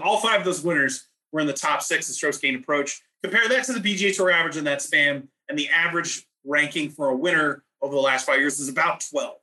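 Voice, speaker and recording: A man breaks down numbers in a relaxed podcast chat. His voice sits a little high and comes across bright and forward. He explains at a measured, methodical clip. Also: rough recording. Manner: data-heavy, measured explanations. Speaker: golf stats analyst on podcast.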